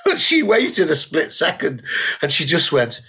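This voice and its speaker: A man's voice: a little high, huge pitch swings, unhurried, pushed and bright, slightly rough. A middle-aged British man, a comedian co-hosting a podcast, chatting casually and telling anecdotes between laughs. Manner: storytelling, laughing often, restarts. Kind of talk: casual chat.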